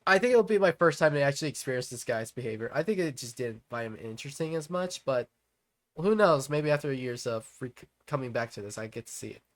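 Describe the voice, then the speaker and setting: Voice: mid-range voice, expressive, fast talker. A let's-play host reading a visual novel aloud and chatting about it in a rambling way with lots of fillers and restarts.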